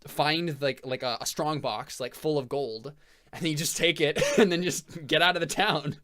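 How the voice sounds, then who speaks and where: A man's voice: fairly high pitch, moderate pace, sharp tone. Brief: male game master, loose and rambling, many fillers. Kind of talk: narrating a tabletop game.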